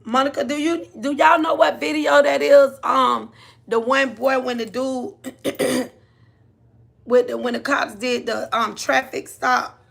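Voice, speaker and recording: A woman's voice: sits high, fairly even intonation, unhurried, gravelly, fairly bright tone. A woman hosting a casual livestream, chatting with viewers, laughing often and calling them honey and baby. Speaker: livestream host.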